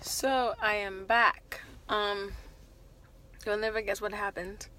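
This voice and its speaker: Young woman vlogging, lively storyteller, bright clear tone, medium pitch. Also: slow pace, a little hiss or hum. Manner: animated, exclamatory storyteller acting out dialogue. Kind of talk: casual vlog storytelling.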